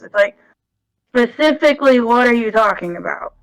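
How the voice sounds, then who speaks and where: A woman's voice: on the high side, brisk, faint music behind, poor audio. Emphatic woman podcast co-host. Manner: animated, emphatic, repeats points. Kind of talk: casual chat.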